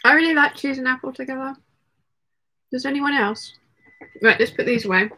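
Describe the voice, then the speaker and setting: A chatty woman hosts a relaxed livestream from home and reads out messages from her viewers. Her voice sits a little high, and she laughs easily. She keeps talking between bites of food. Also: fairly quick. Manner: chatty, laughs often, talks while eating. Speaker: livestream host reading chat. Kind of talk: casual chat.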